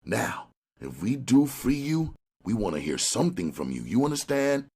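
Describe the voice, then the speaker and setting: A man's voice: mid-range voice, very animated, normal speed, a little mellow, husky, voice pushed up. A man voicing a hard, threatening male police detective who talks sternly. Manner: stern, menacing.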